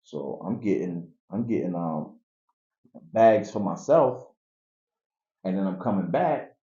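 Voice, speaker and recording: A man telling his life story in a casual interview, animated and acting out the people in it. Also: low voice, slow. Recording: echoey, dull room recording.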